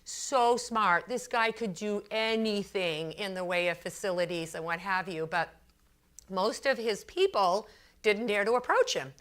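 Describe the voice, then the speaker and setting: A woman consultant giving a talk to a business audience, telling a workplace story in a chatty, animated way with lots of fillers. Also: mid-range voice, unhurried. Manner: chatty, animated storyteller who acts out her anecdotes; frequent fillers and repeated phrases.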